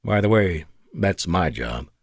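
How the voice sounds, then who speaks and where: A man's voice: low voice, lively intonation, slow, no echo, clean studio sound, pitched below the performer's own voice, heavily acted. A man playing a wry joking fighter pilot.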